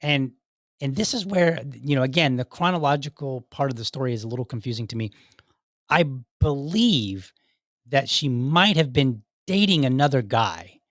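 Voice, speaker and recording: A man's voice: mid-range voice, dry recording, clean studio sound. An American man in his forties hosting a podcast, giving casual advice in a rambling, conversational way with frequent restarts. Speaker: podcast host.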